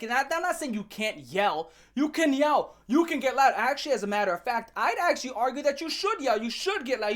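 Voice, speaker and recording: A woman ranting in commentary, heated and mocking, rambling with many restarts. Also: fairly high pitch. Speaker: commentary ranter. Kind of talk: rant commentary.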